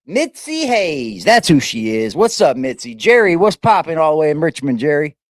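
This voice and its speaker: A man's voice: a little high, sing-song, normal speed, no room sound, clean studio sound. A man hosting a casual livestream, greeting chatters by name in a loose, profane, playful way. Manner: profane, slangy. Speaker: livestream host. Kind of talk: casual live-chat roll call. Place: home. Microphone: fixed camera on a stabilizer.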